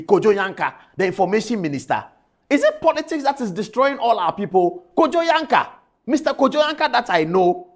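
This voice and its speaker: A man presenting on television, indignant and calling people out directly by name. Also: sits high. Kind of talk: studio commentary.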